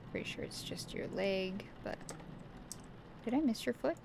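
A woman's voice: medium pitch, expressive, normal speed, vocal fry, long pauses, background noise. A woman in casual live-stream commentary, playing a horror game, chatty and playful, talking back to the characters and slipping into silly voices. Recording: game ambience under the voice. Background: game sound ambience.

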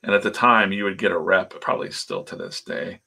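A man telling casual, rambling stories while he hosts a livestream. His low voice is husky and gravelly, with a bright edge, and he laughs and swears as he talks. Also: fairly quick. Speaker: comic artist and channel host.

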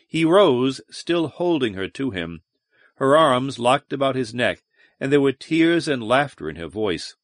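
A man reading an audiobook aloud, with a measured, deliberate delivery, recorded close on a studio mic. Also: mid-range voice, big pitch swings, no echo. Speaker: audiobook narrator. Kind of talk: scripted narration.

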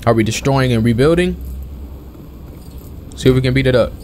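A young man giving casual let's-play commentary as a gaming channel host, chatting and questioning the game out loud. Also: mid-range voice, brisk, slight background noise. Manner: chatty, questions the game aloud, calls everyone bro.

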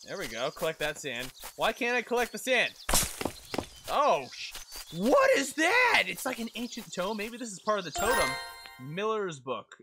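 A man giving excitable live commentary on a game he is playing, talking to himself and to his characters and swearing when something startles him. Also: mid-range voice, noisy background. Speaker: let's play gamer. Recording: loud game sounds behind voice.

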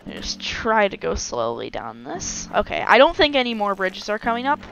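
A woman's voice: mid-range voice, wildly swooping pitch, normal speed, vocal fry, fairly bright tone, highs cut off, a little hiss or hum. A woman giving casual gameplay commentary, self-mocking, with frequent exclamations and sighs of relief.

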